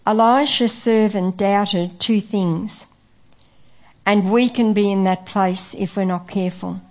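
A woman preaching a sermon in an earnest way, pausing often with fillers. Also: medium pitch, fairly even intonation, a little mellow. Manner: earnest, with frequent filler pauses.

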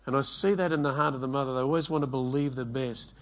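A man's voice: medium pitch, steady tone, quick pace, a bit bright. A middle-aged man preaching a sermon, telling stories and acting out the voices of the people in them. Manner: storytelling, acts out quoted voices. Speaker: pastor.

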